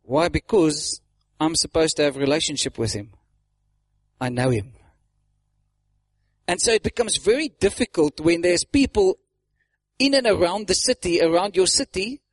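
Man, preacher, sermon, animated delivery, high voice, dry sound. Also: moderate pace, long pauses, dry recording. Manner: animated, acts out mocking voices, laughs often.

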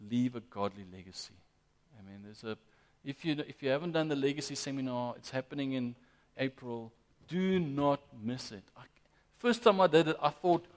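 A man preaching a sermon as pastor, emphatic and lively, often addressing the congregation directly. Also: on the high side. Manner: lively, emphatic preaching with frequent "guys" and "amen".

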